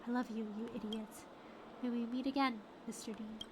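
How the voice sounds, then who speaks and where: A woman voicing a reserved young female assistant, reading her lines in a hushed, restrained way. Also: fairly high pitch, steady tone, a little fast, noisy background, pitched below the performer's own voice, natural voice.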